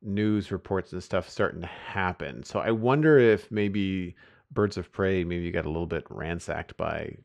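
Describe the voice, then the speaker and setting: A man's voice: sits low, a little slow, gravelly, a little mellow. A man co-hosting a podcast, chatting in an easygoing, thoughtful way and searching for words. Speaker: podcast co-host. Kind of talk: casual chat.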